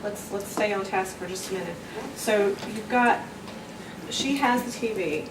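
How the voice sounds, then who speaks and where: A woman's voice: mid-range voice, background noise. Distant woman interrupting to coach testimony. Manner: interrupts to slow down and refocus. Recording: echoey room, distant mic, voices behind.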